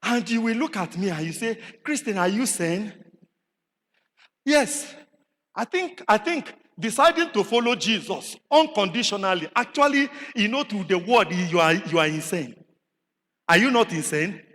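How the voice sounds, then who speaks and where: A man with a Nigerian accent preaching a sermon in a chapel, animated, swinging from shouts to low asides and asking rhetorical questions. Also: normal speed. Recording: long hall reverb in a chapel.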